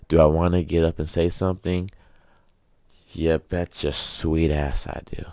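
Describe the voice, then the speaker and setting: A man with a very low, gravelly voice rants through a casual podcast monologue. His tone is dark and mellow, and he sounds close and dry. He keeps sarcastically asking himself questions and answering them. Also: normal speed, no room sound. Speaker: podcast host.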